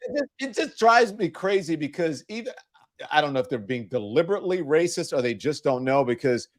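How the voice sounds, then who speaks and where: Brief: male host, dry close sound, animated and fed up, stumbles and restarts. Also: a little high, brisk, no echo. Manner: animated, exasperated, talks over restarts. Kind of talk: live political talk show.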